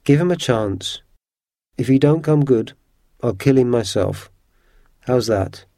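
A man's voice: mid-range voice, animated, slow, dark tone, dry recording, clean studio sound. A man doing a blunt, folksy frontiersman. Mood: gruff. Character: rough-spoken frontier man, plain and practical.

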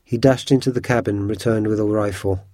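List: male narrator, storybook reading, low mellow voice, dry close sound, measured pace. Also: no echo. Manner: steady, measured reading of a children's adaptation.

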